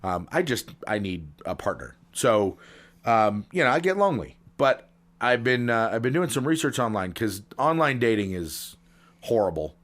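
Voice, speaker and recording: A man's voice: mid-range voice, big pitch swings, normal speed, a bit bright. A man co-hosting a podcast, telling long pun setups in a rambling way with many ums and restarts. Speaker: podcast co-host. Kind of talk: casual comedic chat.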